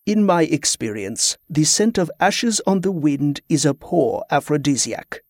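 A man voicing a formal, scholarly male pirate captain who speaks in a firm, measured way. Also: on the high side, lively intonation, a little mellow, dry recording, studio quality.

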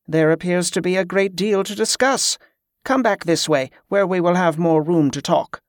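A composed spell-working monk who speaks with measured courtesy and a quiet menace, as a male narrator voices him. His voice sits a little above the narrator's own and sounds dry and close. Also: sits high, no room sound, close to an everyday voice. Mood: probing. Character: calm, watchful monk who works spells.

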